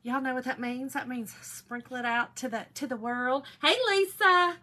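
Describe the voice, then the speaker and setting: A woman from Georgia with a Southern accent hosting a craft live stream in a hoarse, raspy voice, chatting and greeting viewers by name. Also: high voice, moderate pace, bright, forceful tone. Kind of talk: casual live-stream chat.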